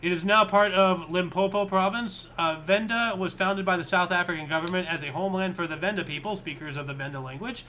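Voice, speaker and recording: A man's voice: high-pitched, a little fast, hardly any pauses, sharp tone, slight background noise. A man co-hosting a history show, chatting casually and thinking aloud as he reads. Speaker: co-host.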